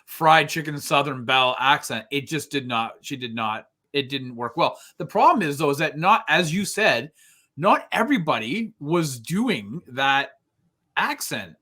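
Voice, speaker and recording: A man's voice: fairly high pitch, lively intonation, measured pace, bright, forceful tone. A man co-hosting a podcast, chatting casually about a TV series, laughing often and wandering into asides. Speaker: podcast co-host. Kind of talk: casual chat.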